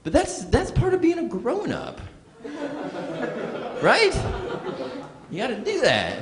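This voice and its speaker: A man performing a stand-up comedy set on stage, telling stories with lively asides to the audience. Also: extremely high pitch, takes it slowly, pauses often, a crowd in the background. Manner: animated storytelling, audience asides. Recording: roomy live venue sound.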